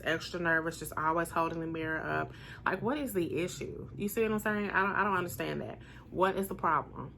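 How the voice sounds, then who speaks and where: A woman in her forties with a naturally deep voice, talking casually to camera in an earnest, emphatic way and repeating her points for weight. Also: vocal fry, a bit bright, slight background noise. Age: 40s. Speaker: vlogger sharing personal experiences.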